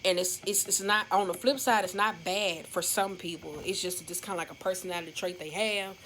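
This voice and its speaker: A woman's voice: on the low side, steady tone, brisk, bright, forceful tone, slight background noise, poor audio. A woman giving a casual tarot love reading, talking straight to her viewers in a loose, rambling way and swearing freely. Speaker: tarot card reader.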